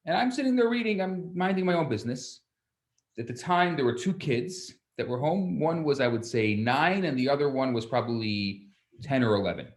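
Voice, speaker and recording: A man, a rabbi, teaching a class, telling a story with lively asides and frequent restarts. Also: mid-range voice, normal speed. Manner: animated storyteller, acts out children's voices, stammers on restarts. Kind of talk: storytelling lecture.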